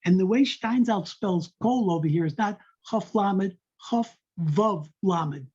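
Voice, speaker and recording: Slow, husky man teaching a text class. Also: sits high, a little mellow. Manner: reads Hebrew phrases then translates them. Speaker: Torah study teacher. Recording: dull lo-fi recording.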